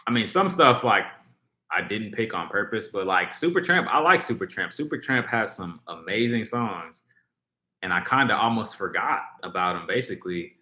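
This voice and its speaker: At a normal speed, a man with a fairly low, animated voice, pushed and bright, runs a relaxed livestream where he reacts to music. He reads viewer comments and meanders, restarting often and using many fillers. A roomy echo colors the recording.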